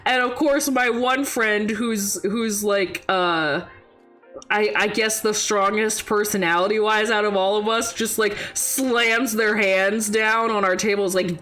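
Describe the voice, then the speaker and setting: A young woman chats to her stream, telling a story with a lot of energy. Her voice sits a little high, and she laughs often and puts on voices for the people she quotes. Faint music plays underneath. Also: unhurried, a bit bright. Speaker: vtuber streamer. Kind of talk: casual storytelling chat.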